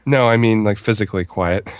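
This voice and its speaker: A man's voice: on the low side, a little fast, dry recording, studio quality. A man co-hosting a podcast, chatting casually with wry remarks and frequent laughter. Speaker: podcast co-host. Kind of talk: casual chat.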